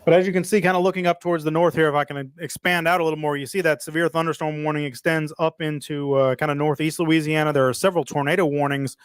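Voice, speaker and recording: A slightly hoarse man, a meteorologist, giving a relaxed, conversational live weather briefing and answering viewer reports. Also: on the high side, quick pace, few pauses. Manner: relaxed, conversational, plenty of filler words. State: hoarse, losing his voice.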